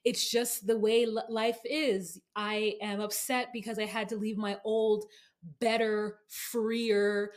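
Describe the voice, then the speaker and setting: A woman's voice: mid-range voice, flat delivery, slow, close to an everyday voice. A woman mimicking a defensive aggrieved wife. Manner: defensive, self-justifying. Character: aggrieved wife mourning her freer old life.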